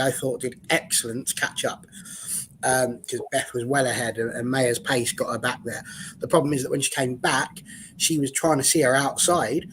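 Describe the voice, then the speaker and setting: A man's voice: medium pitch, fairly bright tone, slight background noise, low-quality recording. A man on a fan panel, talking football in a chatty, jokey way. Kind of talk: casual football discussion.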